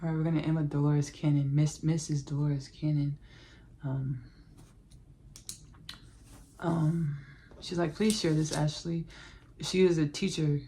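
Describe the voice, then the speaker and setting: A woman hosting a spiritual podcast, channeling and recounting spirit messages in an effusive, repetitive way with soft murmured thanks. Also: sits low, fairly even intonation, a little slow, long pauses, a little hiss or hum.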